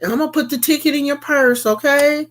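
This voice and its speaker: A woman putting on the voice of a weary police officer calming someone down. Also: sits high, brisk, pitched above the performer's own voice, close to an everyday voice. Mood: placating.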